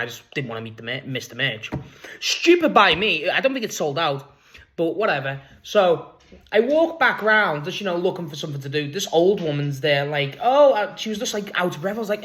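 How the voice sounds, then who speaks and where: A vlogger with a Liverpool accent tells a rambling, sweary story in a casual vlog, laughing as he talks. His voice is fairly high, a bit bright, animated and fast.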